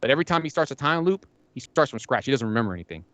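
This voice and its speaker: A man rambles through a casual gaming podcast, retelling scenes and quoting characters with plenty of swearing. His voice sits at a middle pitch and sounds dry and close to the mic. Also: very animated, racing, a bit bright, no echo. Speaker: podcast co-host.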